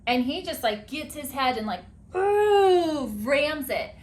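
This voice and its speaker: Chatty animated woman podcast host. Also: high voice, normal speed. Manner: chatty and animated, frequent "like" fillers. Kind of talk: casual chat.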